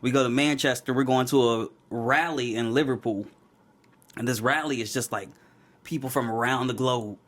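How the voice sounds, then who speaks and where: A young man co-hosting a casual podcast tells long stories in a mid-range voice at normal speed. An animated storyteller, he laughs often and acts out the people he quotes.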